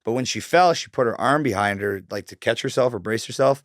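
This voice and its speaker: A man's voice: mid-range voice, fairly quick, no room sound, clean studio sound. A man from Canada in his thirties, talking casually as a guest, swearing often and filling his speech with likes and ums. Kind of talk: casual storytelling interview.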